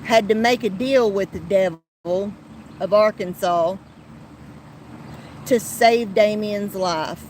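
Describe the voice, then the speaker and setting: A woman hosts her podcast in a slow, unhurried voice that is plain and outspoken. She restarts her sentences often and swears when she gets heated. Faint traffic noise sits behind her. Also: mid-range voice, a little mellow, rough recording. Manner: blunt and heated, with frequent restarts and profanity. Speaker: podcast host. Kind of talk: casual commentary podcast.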